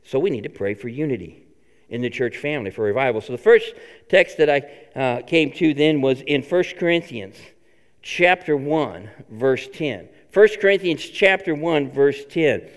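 A man preaching a sermon as pastor, earnest and repetitive, swinging between loud appeals and hushed lines. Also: mid-range voice, lively intonation, moderate pace, big-room sound.

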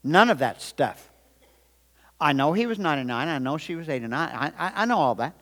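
A man's voice: on the high side, expressive, fairly quick, a bit bright. A man pastor preaching a sermon emphatically, repeating phrases and leading the congregation in call-and-response in a large auditorium. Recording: long reverb of a large auditorium.

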